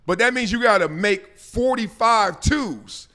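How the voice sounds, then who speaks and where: A man hosting a lively sports debate, talking in animated bursts and laughing often. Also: high voice, unhurried. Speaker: host.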